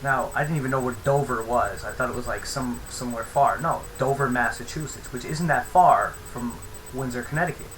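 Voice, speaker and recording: A man's voice: mid-range voice, a little fast, a bit bright, slight background noise, low-quality recording. A young man telling a rambling, profane story in a casual vlog. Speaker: vlogger.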